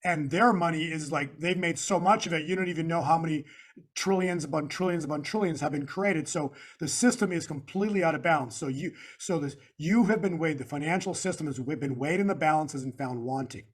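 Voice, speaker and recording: A guest analyst being interviewed walks through his slides one point at a time, speaking fairly quickly in a somewhat high voice. Like a preacher, he leans hard on certain words and keeps returning to the same phrases.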